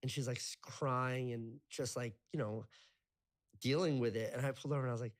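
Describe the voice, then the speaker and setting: A man's voice: medium pitch, steady tone, fairly quick. A man in his thirties telling his life story as an interview guest, rambling with lots of filler words and casual swearing. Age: 30s.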